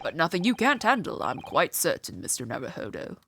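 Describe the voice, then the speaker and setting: A woman's voice: low voice, wildly swooping pitch, a little fast, background noise, pitched below the performer's own voice, full character voice. A woman voicing an aloof, posh male British detective, speaking in a languid, condescending way. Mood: airy.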